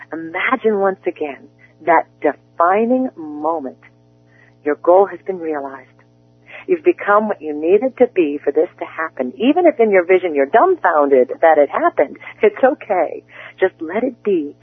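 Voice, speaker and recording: Male life coach on a conference call, high, husky voice, very tinny phone sound, lively guided-visualization delivery. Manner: soft, slow guided-imagery delivery. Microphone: telephone.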